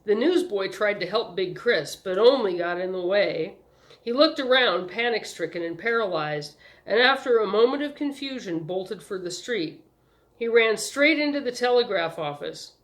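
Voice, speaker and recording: Calm woman reading a story aloud. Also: medium pitch, normal speed. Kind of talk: audiobook narration.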